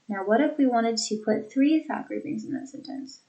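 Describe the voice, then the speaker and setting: A young woman teacher reviewing a class lesson, speaking deliberately and demonstrating example sentences. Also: fairly high pitch, mellow, rough recording. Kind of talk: lecture recap for students.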